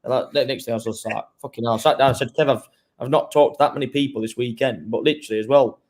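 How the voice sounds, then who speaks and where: A man telling a story frankly and quickly in a casual live-stream chat. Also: medium pitch, steady tone, a little mellow.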